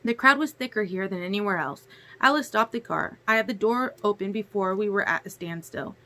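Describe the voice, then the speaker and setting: A woman narrating a novel chapter aloud in a steady storytelling manner. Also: medium pitch, a little fast. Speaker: audiobook reader. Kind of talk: audiobook narration.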